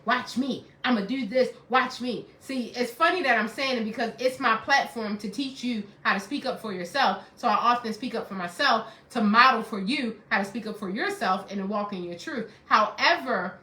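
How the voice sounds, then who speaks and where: A woman's voice: fairly high pitch, pushed and bright, reverberant. A middle-aged woman and life coach giving a motivational self-help talk, preachy and repeating phrases for emphasis.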